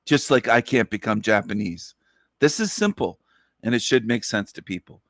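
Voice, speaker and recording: A man hosting a livestream who rants emphatically, hammering each point again and again and swearing often. His voice sits at an ordinary male pitch. The sound is close and dry, with no room echo. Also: big pitch swings, moderate pace, fairly bright tone. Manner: emphatic, profane, repetitive ranting. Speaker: livestream host. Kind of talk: livestream commentary rant.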